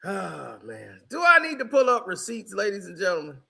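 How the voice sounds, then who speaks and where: High bright voiced dude mocking a clip, slow and drawn out, lots of ups and downs. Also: male voice, wildly swooping pitch, vocal fry. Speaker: online commentator reacting to a clip. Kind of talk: reaction commentary.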